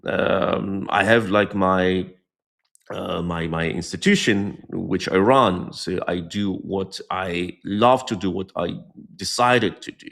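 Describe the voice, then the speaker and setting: A man answering in a conversational interview, earnest and outspoken, often pausing to search for his words. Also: deep voice, vocal fry, a bit bright. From born near Moscow, Soviet Union. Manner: outspoken and blunt. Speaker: guest volunteer.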